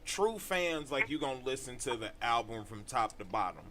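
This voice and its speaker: A man's voice: mid-range voice, animated, moderate pace, bright, forceful tone. A man in his thirties co-hosting a radio show, rambling in casual chat with lots of fillers. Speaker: radio co-host.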